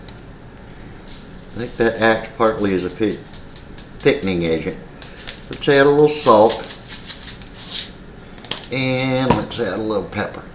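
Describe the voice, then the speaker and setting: A man's voice: fairly low pitch, lively intonation, slow, pauses often. A man hosting a casual home cooking demonstration, chatty and rambling, with side stories and plenty of filler words. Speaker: home cooking channel host. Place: home kitchen. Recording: roomy kitchen echo, faint noise.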